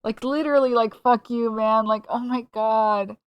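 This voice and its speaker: A woman's voice: fairly high pitch, steady tone, normal speed, few pauses, clear, resonant tone, dry recording. A young woman streamer reacting heatedly on a live stream, profane and full of stumbling restarts.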